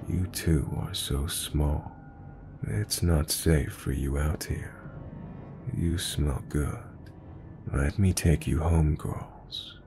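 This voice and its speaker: A man's voice: rumbling low, takes it slowly, over music, heavily acted. A man voicing a creepy drunk stranger who mumbles his words in a horror story reading. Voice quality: mumbled, slurred. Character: creepy drunk middle-aged man stalking girls.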